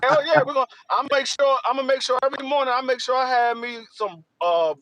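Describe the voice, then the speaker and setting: A man from Washington, D.C., co-hosting a podcast, telling stories in a loose, animated way, swearing and repeating himself. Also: very high voice, fast, no room sound. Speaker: podcast co-host. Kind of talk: casual chat.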